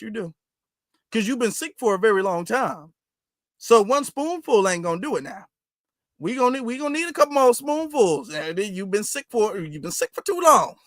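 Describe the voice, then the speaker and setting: A man's voice: high-pitched, fairly bright tone, no echo, clean studio sound. A man hosting a livestream, talking in a preachy, teasing way and repeating phrases for effect. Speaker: livestream host. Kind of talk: casual livestream talk.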